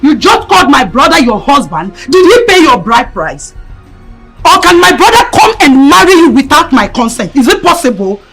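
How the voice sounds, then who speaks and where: An actress with a Nigerian accent playing a domineering sister-in-law who mocks, insults and shouts at her brother's wife. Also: sing-song, moderate pace, over music, poor audio. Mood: mocking. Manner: shrill shouting, insulting, mocking.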